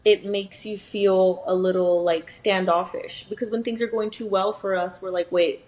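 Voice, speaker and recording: A woman's voice: medium pitch, steady tone, normal speed, a little mellow, low-quality recording. A young woman co-hosting a podcast in casual chat, filling her talk with "like" and "you know.". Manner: chatty, says "like" and "you know" often. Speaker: podcast co-host.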